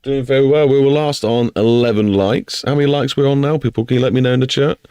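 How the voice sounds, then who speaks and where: A man's voice: medium pitch, fairly even intonation, fast, dark tone, clean tone, no room sound. A man with an English accent chatting casually on a live stream while he builds a game map, rambling and talking to himself and to chat.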